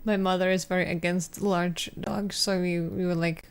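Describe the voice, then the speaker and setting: A woman's voice: fairly low pitch, flat delivery, smooth. A woman chatting casually while gaming, giggling often and drawing her words out. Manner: giggly, drawn-out.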